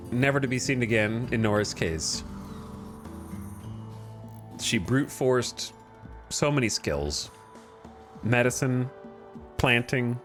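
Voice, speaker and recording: A man streaming a game, giving casual commentary in a wry, rambling, self-deprecating way. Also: medium pitch.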